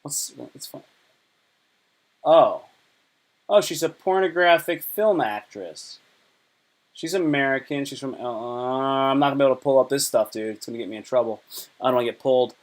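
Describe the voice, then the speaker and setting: A man chatting loosely on a livestream, full of slang and asides. His pitch sits mid-range for a man. He rambles and jokes as he reads posts off his screen. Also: normal speed, long pauses. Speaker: livestream host. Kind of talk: casual chat.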